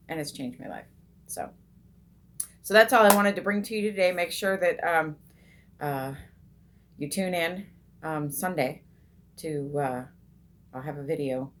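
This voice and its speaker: Low-voiced woman coaching meditation gently. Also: a little hiss or hum. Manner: unhurried, many ums and restarts, soft and slow when guiding the breath. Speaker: meditation coach and group host. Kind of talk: casual teaching talk on meditation.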